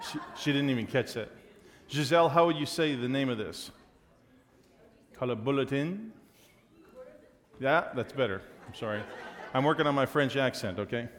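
Pastor guy doing church announcements, cracking jokes, big echoey hall. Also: medium pitch. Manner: joking, upbeat, loose with fillers. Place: church sanctuary. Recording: long reverb of a large hall.

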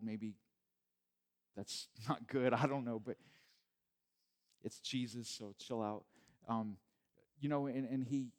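A man's voice: medium pitch, a little mellow. A man, a pastor, preaching a sermon in church in a conversational way, repeating words as he goes and rising to emphatic peaks.

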